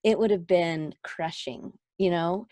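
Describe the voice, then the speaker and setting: A woman with an Alabama accent hosting a podcast, talking in a casual, animated, rambling way with jokey asides. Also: fairly low pitch, unhurried, no room sound, clean studio sound. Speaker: podcast host. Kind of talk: casual conversational chat.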